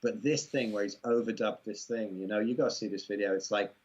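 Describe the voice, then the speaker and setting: Husky english guy rambling on in an interview, lots of "you know", sounds kinda muffled. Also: fairly low pitch, fairly even intonation, fairly quick, a little mellow. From England. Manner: rambling, amused, full of "you know" asides. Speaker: guest. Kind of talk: casual conversational interview. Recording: muffled lo-fi recording.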